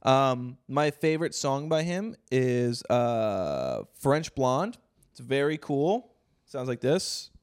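A man co-hosting a podcast, telling stories in casual chat, swearing often and getting animated. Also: mid-range voice, slow, clear, resonant tone, no room sound. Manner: profane, animated storytelling. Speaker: podcast co-host.

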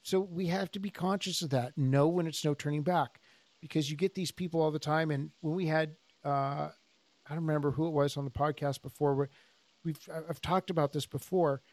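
A man with a voice pitched somewhat high talks casually on a podcast, a jiu-jitsu instructor working through his points with stories. He plays out both sides of old conversations as he goes. The sound is close and dry. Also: fairly quick, no room sound. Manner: animated storyteller, acts out quoted dialogue.

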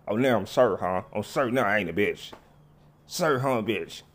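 Gruff low-voiced hothead, done by a man, menacing and profane. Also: lively intonation, brisk, a bit bright. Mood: angry. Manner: gruff, cursing, threatening. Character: hot-tempered tough man in church, threatening. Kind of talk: comedy skit voices.

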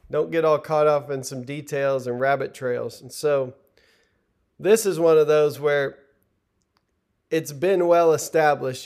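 A man's voice: fairly high pitch, darkish tone. A middle-aged man preaching a sermon in an earnest, conversational way, retelling the text and stumbling over restarts now and then.

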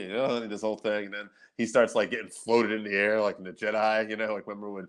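A man's voice: on the low side, flat delivery, fast talker, hardly any pauses. A man co-hosting a podcast in casual chat, rambling through movie memories, laughing often and swearing freely. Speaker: podcast co-host.

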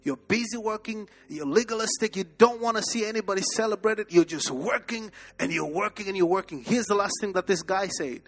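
A man's voice: high-pitched, a little fast, few pauses, faint music behind. A man preaching a sermon as pastor, emphatic and repetitive, with sudden bursts and drops in his delivery. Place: church service.

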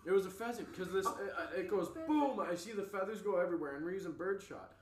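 A man co-hosting a casual podcast spins a long, rambling story full of swearing, with his voice sitting slightly high for a man. He gets animated as he goes. The sound is roomy and echoey. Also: fast talker, a little hiss or hum. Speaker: podcast co-host.

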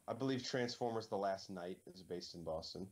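A man's voice: low-pitched, brisk, darkish tone, a little hiss or hum. A man hosting a casual movie commentary, joking and offhand, with lots of fillers.

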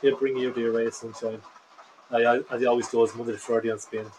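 A man's voice: medium pitch, little pitch movement, fairly quick, darkish tone, slight background noise, poor audio. A man co-hosting a casual podcast, with a dry, understated manner. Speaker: podcast co-host.

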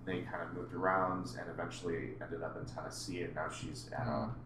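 A man with a very deep voice tells an easygoing story in casual podcast chat. He sits back from the mic. A clear hum runs under the echoey room sound. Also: level tone, a little fast, recorded from a distance.

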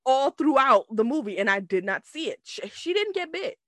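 Animated woman co-hosting a movie chat. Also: sits high, normal speed, no echo, studio quality. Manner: animated, laughing, profane. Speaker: podcast co-host reviewing a movie. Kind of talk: casual chat.

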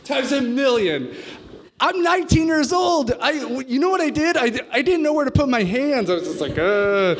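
A man's voice: very high-pitched, a little fast, few pauses. A man in his thirties telling a stand-up story on a club stage, swearing and acting out every voice. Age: 30s. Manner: animated, profane, acts out quotes. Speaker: stand-up comedian. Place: comedy club stage with audience.

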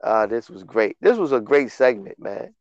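A man hosting a casual wrestling recap podcast, excitable and full of restarts. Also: on the low side, normal speed, dry recording, dull audio. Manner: excitable, repetitive, stumbling restarts. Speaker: podcast host.

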